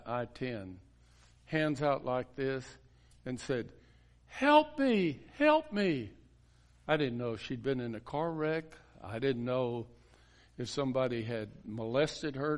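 A pastor, a man, unspools a story from the pulpit at a very unhurried pace. His delivery is folksy and halting, with frequent restarts and quiet chuckles, at a medium pitch. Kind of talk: storytelling sermon.

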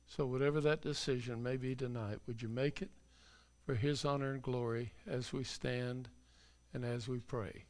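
A man's voice: mid-range voice, steady tone, moderate pace. A middle-aged male pastor preaching in a church, telling a folksy story before turning to an earnest call to faith. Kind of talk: sermon.

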